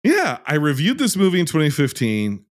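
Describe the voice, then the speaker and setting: A man hosts a film review podcast in a casual, profane, ranting, and sardonic style. His fairly high voice swoops wildly in pitch at a normal speed, recorded in studio quality with no room sound.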